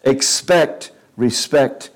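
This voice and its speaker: A man preaching a sermon in a slow, measured and earnest way, with quiet asides. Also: mid-range voice. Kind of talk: sermon on child-rearing.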